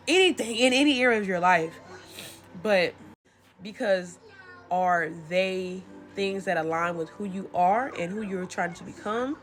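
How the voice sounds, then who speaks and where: Young woman w a lowish voice, casual motivational chat, calls you baby. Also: fairly bright tone. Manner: conversational and encouraging, addresses listener as "baby". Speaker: spiritual content creator. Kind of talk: casual motivational talk to camera.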